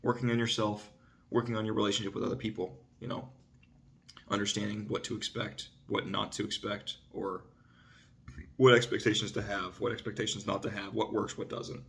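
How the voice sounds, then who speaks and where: A man's voice: flat delivery, fairly quick, vocal fry. A man hosting his own vlog, talking casually about self-improvement and often asking "right?" and saying "dude". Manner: gets louder and higher when making a point. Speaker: vlog host. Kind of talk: casual self-help monologue.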